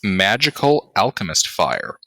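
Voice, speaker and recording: A man narrating as game master of a tabletop game, deliberate and pausing as he describes finds. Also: on the low side, sing-song, bright, forceful tone, dry recording. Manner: slow, deliberate narration with pauses.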